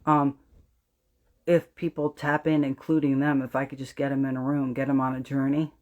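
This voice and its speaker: Hosting a spiritual astrology livestream, a New Jersey-accented woman talks at a normal speed with little pitch movement and a darkish tone, and the highs are cut off. She's emphatic and preachy, swears freely, and goes low and intent for emphasis.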